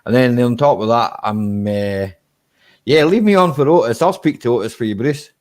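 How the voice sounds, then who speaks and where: A Scottish man hosting a casual live-stream chat, relaxed and chatty, laughing easily and tagging his sentences with "eh?". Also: medium pitch, normal speed. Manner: relaxed and chatty, ends lines with "eh?".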